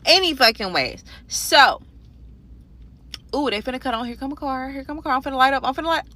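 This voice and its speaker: Woman, high bright voice, casual storytime rant, profane and animated. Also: brisk. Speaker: storyteller vlogger. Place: parked car in a parking garage.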